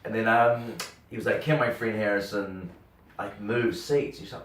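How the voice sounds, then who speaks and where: A young man with a New Zealand accent, a radio host telling a story in casual chat, animated and acting out the dialogue, swearing freely. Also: fairly low pitch, normal speed, slight background noise. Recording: roomy sound from a distant mic.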